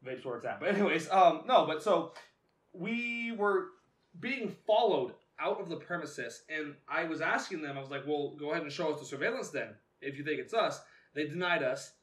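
A young man in his twenties chatting casually on a podcast, his voice sitting a bit higher than most men's. He rambles through stories with loose swearing and frequent laughter. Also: expressive, moderate pace, fairly bright tone. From Northern California. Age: 20s. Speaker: podcast co-host. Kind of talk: casual chat.

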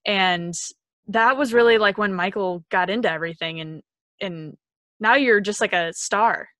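A woman's voice: mid-range voice, normal speed, a bit bright, no echo. Effusive young woman podcast host. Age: 20s. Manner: effusive, enthusiastic, gushing with praise. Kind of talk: casual podcast chat.

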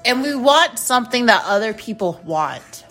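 A woman's voice: a little high, lively intonation, moderate pace, fairly bright tone, faint music behind. A woman hosting her own show, ranting casually in a blunt, profane, rambling way. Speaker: host. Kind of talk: casual rant to camera.

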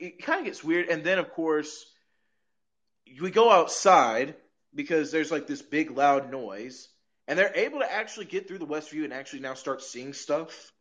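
A man's voice: fairly high pitch, a bit bright. A man hosting a podcast, recapping an episode in a rambling, casual way, full of "like," restarts and frequent laughter. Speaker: podcast host. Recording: dull lo-fi recording with faint noise.

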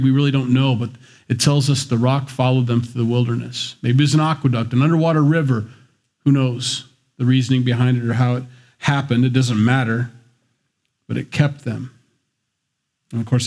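Speaking at a medium pitch with a darkish tone, this pastor gives Bible teaching in a sermon. He keeps it conversational, adding wry asides and little voices he acts out.

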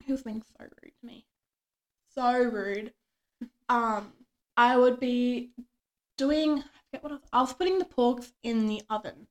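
With a measured pace and long pauses, a young woman whose voice sits on the high side chats casually as a podcast co-host. She tells chatty stories from her workday, acting out the quoted lines.

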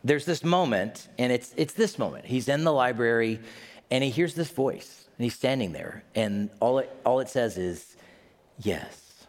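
A male pastor preaching a sermon in a conversational, animated way with casual asides. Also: mid-range voice, normal speed. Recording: echoey hall reverb.

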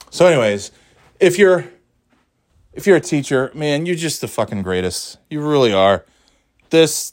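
A man's voice: mid-range voice, dry recording, studio quality. A middle-aged man talking in a casual, rambling monologue, profane and sardonic, often restarting his sentences.

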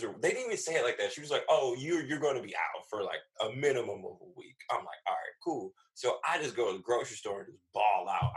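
A man, a comedian guest, telling a story in casual, profane chat, acting out the people he quotes. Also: rough recording. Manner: animated, acts out quoted voices with big pitch jumps; slangy and profane.

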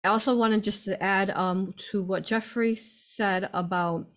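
A woman's voice: mid-range voice, steady tone, unhurried. A woman hosting a group chat who speaks in an effusive, emotional way and laughs easily. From United Kingdom.

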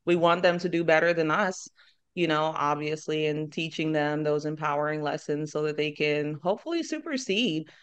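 A woman's voice: low voice, normal speed, smooth. A woman in her forties co-hosting a podcast, speaking in a reflective, encouraging way. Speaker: podcast co-host. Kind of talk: casual podcast chat.

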